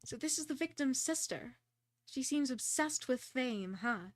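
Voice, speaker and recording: A woman's voice: high voice, animated, a little slow, no echo. A young woman streaming a detective game, chatting casually, second-guessing herself aloud, and reading the dialogue. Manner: chatty, self-deprecating, talks through her choices.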